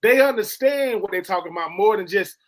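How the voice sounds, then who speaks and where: A man's voice: high-pitched, expressive, a little fast. A man co-hosting a sports radio show, talking in an earnest, slangy, conversational way. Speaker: co-host. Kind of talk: casual sports radio chat.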